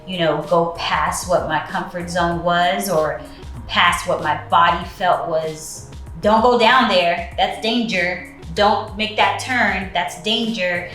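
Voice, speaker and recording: A woman telling a personal story in casual chat, relaxed and full of fillers. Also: lowish voice, roomy sound. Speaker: co-host.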